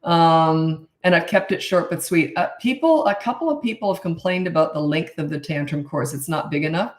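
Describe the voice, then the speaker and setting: A woman's voice: sits low, moderate pace. A middle-aged woman coaching parents in a casual live Q&A, blunt and chatty, laughing at herself. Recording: roomy echo.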